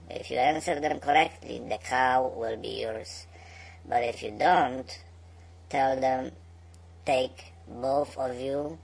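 A man's voice: mid-range voice, vocal fry, breathy edge, rough recording. A man voicing a monster in human shape who offers a bargain, speaking in a coaxing, emphatic way.

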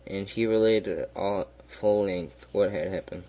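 A man reading a fairy tale aloud in a slow, even way, with small slips and restarts. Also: low-pitched. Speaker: storyteller.

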